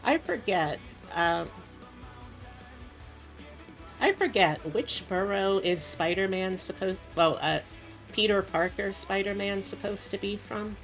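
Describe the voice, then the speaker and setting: A woman's voice: medium pitch, unhurried, soft background music. A woman VTuber chatting casually while she draws on stream, rambling with lots of asides.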